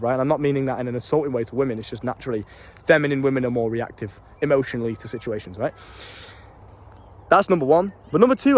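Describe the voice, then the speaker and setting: Fast-talking brash young British man. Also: mid-range voice. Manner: swears freely, loose street slang; brash, laughs at his own stories. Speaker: life coach. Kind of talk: casual storytelling to camera.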